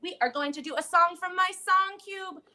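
A woman hosting a children's storytime, reading a picture book and singing action songs in a playful, animated way. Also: extremely high pitch, moderate pace, background noise. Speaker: library storytime host.

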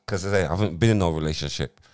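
A man, co-hosting a podcast in lively, argumentative banter. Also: sits low, very fast, smooth. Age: 40s. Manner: animated, laughing, cuts in to argue his point. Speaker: podcast co-host. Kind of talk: casual banter.

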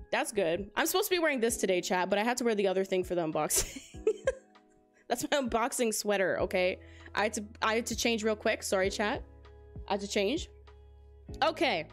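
Young woman streamer, casual and giggly, slightly high voice, desk mic at home, soft music bed. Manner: bubbly, rambling, lots of fillers and laughs. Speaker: livestream gamer host. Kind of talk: casual livestream chat. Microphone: desk microphone with high gain.

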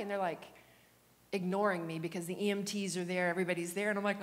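A woman's voice: medium pitch, fast talker. Woman preacher in a reverberant church. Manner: animated storytelling, drops to whispers and rises to loud prayer. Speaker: guest preacher. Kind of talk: sermon testimony with prayer. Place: church sanctuary. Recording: long church hall reverb.

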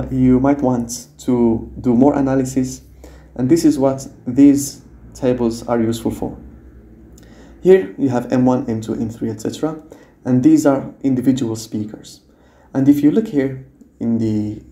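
A man's voice: mid-range voice, warm tone, reverberant. A man teaching a screen-recorded tutorial in a patient, explanatory way, often checking in with the listener, speaking English as a second language. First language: non-native English speaker.

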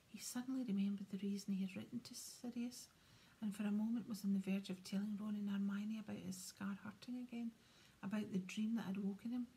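A woman reads a fantasy novel in an unbroken hushed whisper, calm and steady. Her tone is dark and mellow, with a faint gravelly grain. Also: mid-range voice, brisk, a little hiss or hum. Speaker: audiobook reader. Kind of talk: whispered audiobook narration.

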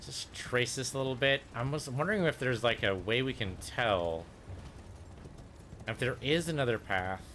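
A man's voice: medium pitch, animated, moderate pace, a bit bright, slight background noise. A man casually commenting on his own gameplay, thinking aloud and muttering to himself as he plays. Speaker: let's play gamer.

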